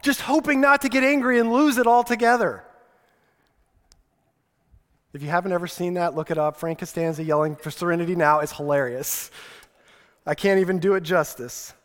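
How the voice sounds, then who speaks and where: A male pastor with a notably high voice delivers a conversational sermon, echoing his key lines back for emphasis. His words ring out with a long reverb tail from a church sanctuary. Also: fairly even intonation, fairly quick, fairly bright tone.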